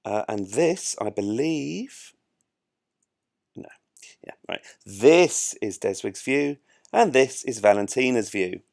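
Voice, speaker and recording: A man's voice: medium pitch, animated, takes it slowly, vocal fry, darkish tone, no echo, clean studio sound. A man giving chatty, self-mocking live commentary while he plays a space game. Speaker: gameplay streamer.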